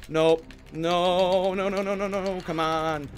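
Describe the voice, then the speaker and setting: A man's voice: sits high, fairly even intonation, takes it slowly, soft background music. A man playing a survival horror game, pleading and swearing as he commentates. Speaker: gaming YouTuber. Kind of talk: let's play commentary.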